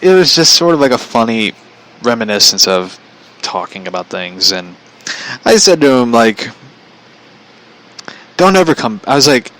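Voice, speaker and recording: A man's voice: medium pitch, sing-song, moderate pace, long pauses, fairly bright tone, poor audio. A man casually telling a personal story, chatty, relaying a conversation line by line and laughing often.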